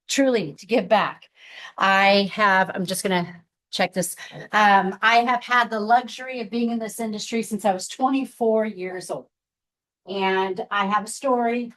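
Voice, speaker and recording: A woman's voice: fairly high pitch, low-quality recording. A woman in her fifties from Seattle, telling a candid personal story to a group as guest speaker, with frequent asides. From Seattle, USA. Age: 50s.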